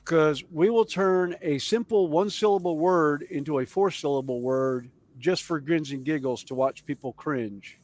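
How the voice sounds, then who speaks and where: A man with a Southern US accent telling stories in a casual chat, animated and chuckling as he goes. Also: fairly high pitch, unhurried, few pauses, no echo. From Southern United States. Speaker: podcast co-host.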